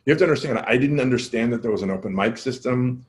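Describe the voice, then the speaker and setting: Speaking quickly, this male comedian shares a story on a podcast where he's a guest. His tone is relaxed and self-mocking, and he brings quoted dialogue to life with lively jumps in pitch.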